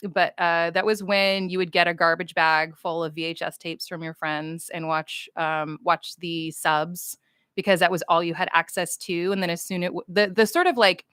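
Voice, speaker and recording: Goofy american lady rambling on a fan stream, kinda low smooth voice. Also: steady tone, normal speed, a bit bright, no room sound, studio quality. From United States. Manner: rambling, goofy, reads chat comments aloud. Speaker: voice actor livestreaming to fans. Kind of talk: casual livestream chat.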